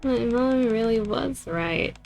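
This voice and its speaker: Woman voices lost little girl, small and tearful, pitched up. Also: takes it slowly, creaky, a little mellow, faint music behind.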